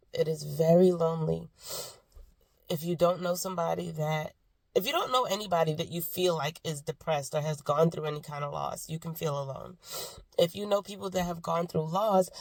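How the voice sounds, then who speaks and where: Woman, 30s, low gravelly voice, a little sick, reflective and rambling vlog talk. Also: dry recording. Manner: candid, reflective, rambling with tangents. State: sick, with a cough. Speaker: vlogger. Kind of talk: personal faith vlog.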